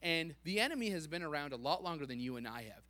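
A man giving a playful, animated sermon, joking with the congregation and laughing at himself. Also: on the high side, quick pace, dry recording. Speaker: preacher.

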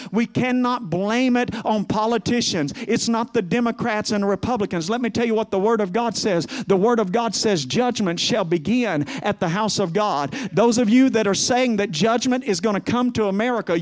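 A man preaching a sermon to a congregation, fervent and swinging between hushed, emotional passages and loud calls to the crowd. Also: sits high. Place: church with a congregation.

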